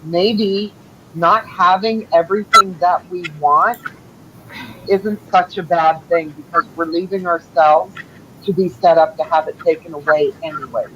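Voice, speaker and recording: A woman's voice: lowish voice, steady tone, measured pace, dull audio, background noise. A woman guest talking earnestly in a casual chat.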